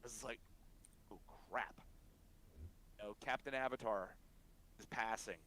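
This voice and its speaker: A man's voice: fairly low pitch, steady tone, a little fast, fairly bright tone. A man co-hosting a casual anime discussion podcast, filling in details and reflecting thoughtfully, with some hesitations. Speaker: podcast co-host.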